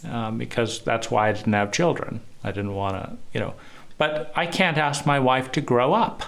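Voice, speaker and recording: A man's voice: medium pitch, moderate pace, gravelly, a bit bright. A man speaking in an earnest, confessional way in a reflective personal monologue.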